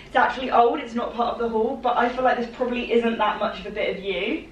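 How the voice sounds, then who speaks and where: A bubbly young woman from the UK chats about her outfits in a light, slightly high voice. She sounds set back from the mic in a room that rings with echo. There is a soft hiss under her voice. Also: steady tone, fast talker, distant mic, muffled recording. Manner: bubbly, giggly and chatty. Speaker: fashion vlogger. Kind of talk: casual haul chat. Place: room at home.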